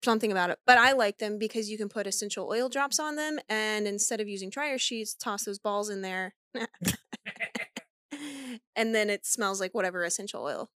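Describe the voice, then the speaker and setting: A woman co-hosting a casual podcast, chatty, foul-mouthed and quick to laugh. Her voice sits at an ordinary middle pitch. The sound is dry and close, with no room echo. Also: a bit bright. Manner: chatty, swears freely, laughs often. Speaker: podcast co-host. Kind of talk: casual chat.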